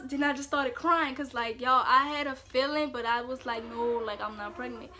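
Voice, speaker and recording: A woman's voice: high-pitched, steady tone, normal speed, bright, forceful tone, a little hiss or hum. A young woman, telling a casual storytime vlog in a chatty way, full of "like". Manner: casual, chatty, fillers of "like" throughout. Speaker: vlogger.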